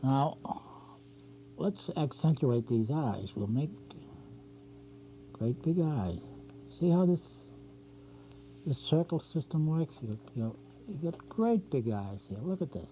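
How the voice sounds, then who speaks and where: A man's voice: mid-range voice, animated, slow, pauses often. A man hosting a drawing show, chatting through each pencil stroke as he teaches cartooning step by step. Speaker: drawing instructor and show host. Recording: dull 1990s community TV tape with faint hum.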